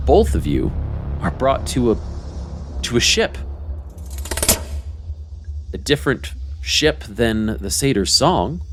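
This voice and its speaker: Man, very low voice, slow, game master, tabletop narration, descriptive. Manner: descriptive, with fillers.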